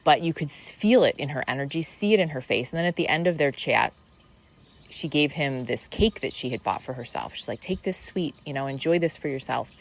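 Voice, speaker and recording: Low-voiced woman musing on spirituality. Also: lively intonation, a little fast. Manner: musing, meandering, many fillers and restarts. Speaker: podcast host. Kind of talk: reflective spiritual monologue.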